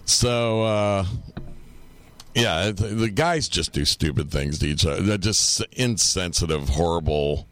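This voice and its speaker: Low-voiced man telling rambling stories. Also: unhurried, a bit bright. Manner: rambling, profane, laughs through his stories. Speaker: podcast co-host. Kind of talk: casual storytelling chat.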